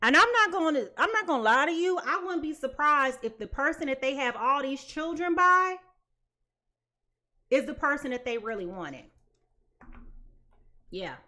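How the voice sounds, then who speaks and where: A woman with a high, bright voice gives a live tarot reading. Her pitch swings widely as she talks, and she is blunt and emphatic, driving each point home by repeating it. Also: animated, normal speed, long pauses. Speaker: tarot reader.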